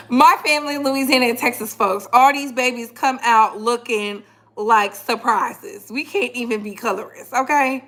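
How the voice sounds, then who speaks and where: A woman's voice: fairly high pitch, fairly bright tone. A woman hosting a casual live stream, chatting with viewers and laughing often and heavily, with slangy speech. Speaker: livestream host. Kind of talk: casual live chat commentary.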